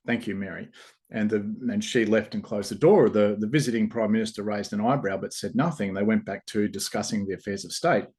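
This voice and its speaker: Male host, low-pitched, casual storytelling, loose rambling delivery. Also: a little fast, few pauses. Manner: relaxed, rambling, with fillers and restarts.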